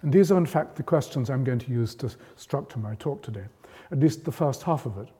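A man delivers a public lecture in a measured, explanatory manner, pushing up his voice when he stresses a point. His voice is warm and mellow. The sound carries the long reverb of a lecture hall. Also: mid-range voice, expressive. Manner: measured, explanatory, rising emphasis on key points.

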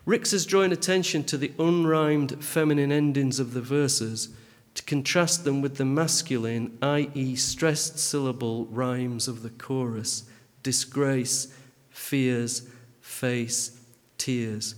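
A man reads a spoken critique in a measured, dry and pedantic way. His voice sits in an ordinary middle pitch. A long, lingering reverb trails after each phrase. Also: steady tone. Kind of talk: reading a literary critique aloud.

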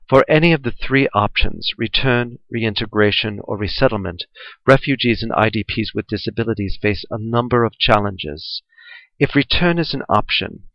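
Low-voiced man reading a formal report. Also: no room sound. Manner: measured, formal, even delivery. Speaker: reader of a report. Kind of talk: scripted reading of a research article. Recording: dull, dry, lo-fi recording.

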